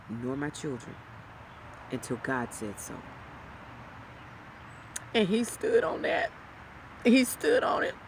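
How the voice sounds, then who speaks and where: A grieving widow talking to camera in a heartfelt, halting way, her voice sometimes breaking into a whisper. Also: a bass voice, noisy background. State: grieving, near tears. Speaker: widow sharing her grief. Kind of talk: emotional personal talk to camera.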